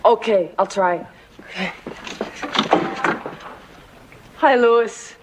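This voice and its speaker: A woman's voice: fairly high pitch, takes it slowly. An actress playing a shy young woman smitten with a coworker, talking in a timid, hesitant way in a sitcom with noisy old TV audio. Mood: nervous. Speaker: shop worker. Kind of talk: sitcom acting.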